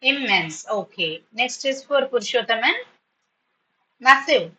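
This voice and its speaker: A woman's voice: on the high side, animated, measured pace, bright, forceful tone, rough recording. A woman teacher, running a spoken class patiently and praising students often, sometimes switching into to explain. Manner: switches into Tamil when explaining. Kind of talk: online spoken English class.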